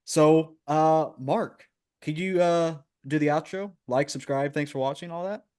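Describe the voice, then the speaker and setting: A man with a fairly high voice co-hosts a casual podcast over a remote call. He talks in an animated way, laughs a lot and repeats himself as he argues a point. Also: measured pace, smooth. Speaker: podcast co-host.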